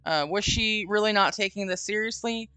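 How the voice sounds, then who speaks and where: A woman's voice: mid-range voice, normal speed, bright, forceful tone, clear, resonant tone, dry recording. A woman streamer reading a horror story aloud and chatting, giggly and casual. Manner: giggly, reads aloud with quoted voices.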